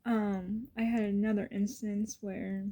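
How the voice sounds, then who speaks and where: A woman's voice: mid-range voice, level tone, a little slow, mellow. A woman vlogger telling personal stories in an earnest, emotional way, often dropping to a whisper. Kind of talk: casual personal storytelling.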